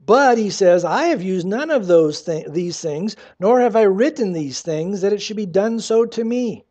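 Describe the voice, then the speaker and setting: A man's voice: sits high, animated, moderate pace, darkish tone. A man preaching a sermon to his church, reading scripture aloud and adding wry, conversational asides. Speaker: pastor.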